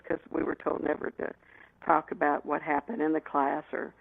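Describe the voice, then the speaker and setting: A woman guest telling lively anecdotes in an interview, laughing often and restarting her sentences. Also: low-pitched, normal speed, gravelly, husky, dry recording. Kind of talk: storytelling in an interview. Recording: tinny phone line, dry.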